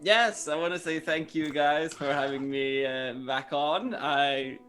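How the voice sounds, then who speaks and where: A man's voice: a little high, unhurried, a bit bright, faint music behind. A man who is a returning guest player, chatting playfully and thanking everyone after a tabletop game. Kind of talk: casual stream chat.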